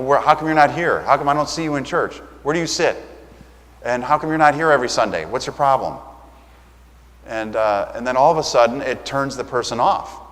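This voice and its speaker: A man's voice: medium pitch, a bit bright. A man delivers a sermon from the pulpit in an easy, conversational way, slipping into little acted-out dialogues. His mid-range voice rings out with a long church reverb around it. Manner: conversational, acts out quoted exchanges. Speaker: pastor.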